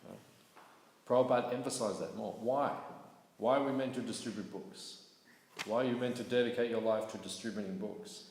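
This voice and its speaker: A man teaching a scripture class in a relaxed, conversational way, often checking in with his listeners. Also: on the low side, a little fast. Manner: conversational, keeps asking "right?". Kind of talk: casual scripture class talk. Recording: echoey hall with faint noise.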